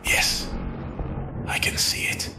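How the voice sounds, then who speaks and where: A sinister old dark lord for a fan audio story, his voice sunk to a cavernous, gravelly depth. He purrs and croons, sliding between sly menace and breathy whispers, while dramatic music swells underneath. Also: big pitch swings, a little slow, full character voice. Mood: crooning whisper. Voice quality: deep demonic voice.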